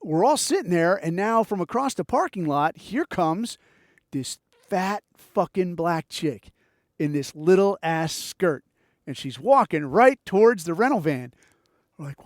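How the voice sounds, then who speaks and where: A man hosting a podcast, telling a story in a casual, profane, animated way and acting out the quotes. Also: high voice, moderate pace, no echo, studio quality. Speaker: podcast host.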